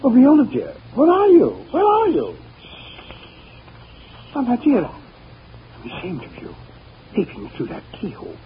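An actor playing a fussy, pompous gentleman who speaks in flowery, fretting phrases, in 1930s radio drama acting. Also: a little high, animated, brisk, a little hiss or hum. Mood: flustered. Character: fussy pompous gentleman, husband fretting over his linens. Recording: dull lo-fi old radio recording.

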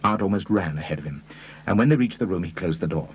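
A man reading a story aloud in a measured storytelling manner. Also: sits low, lively intonation, breathy edge, poor audio. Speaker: audiobook reader. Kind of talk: scripted narration.

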